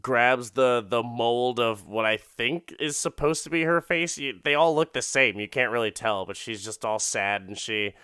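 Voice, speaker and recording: A man's voice: mid-range voice, normal speed, few pauses, sharp tone, clean tone, no room sound, studio quality. A man hosting a podcast, retelling an episode in a casual, profane, rambling way full of fillers. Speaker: podcast host. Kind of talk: casual comedic episode recap.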